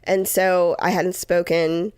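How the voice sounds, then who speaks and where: A woman co-hosting a podcast in casual chat, hoarse from a cold, chatty and self-mocking. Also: lowish voice, little pitch movement, slow pace, a little mellow, no room sound, clean studio sound. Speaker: podcast co-host.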